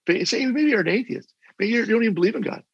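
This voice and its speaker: Heard over a video call, an older man who was once mayor tells stories as a guest in a casual interview. His husky, high-pitched voice moves very fast with lively intonation, earnest and rambling with many restarts. The recording is dry and muffled.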